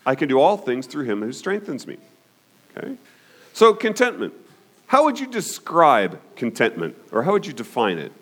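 A man teaching a Bible study in a conversational way, often pausing to ask "okay?" and putting questions to his listeners. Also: mid-range voice, wildly swooping pitch, fairly bright tone. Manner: conversational, frequent "okay?" check-ins.

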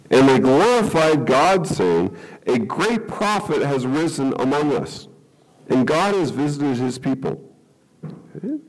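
A man's voice: fairly high pitch, a little mellow, rough recording. A man preaching a sermon, explaining a Bible passage and checking in with the listeners with frequent "okay?" and light chuckles. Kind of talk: sermon teaching.

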